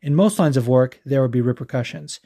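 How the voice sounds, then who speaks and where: Brief: male podcast host, mellow dark tone, angry swearing rant, trips over words. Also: mid-range voice, fairly quick. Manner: heated, profane, stumbling restarts. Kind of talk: casual ranting podcast talk.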